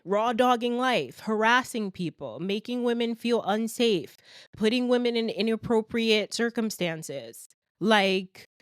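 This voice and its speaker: A young adult woman hosting a podcast alone, ranting in a blunt, animated and exasperated way, a little congested from a cold. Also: medium pitch, clean tone, no echo, clean studio sound. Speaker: podcast host. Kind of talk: solo ranting podcast monologue.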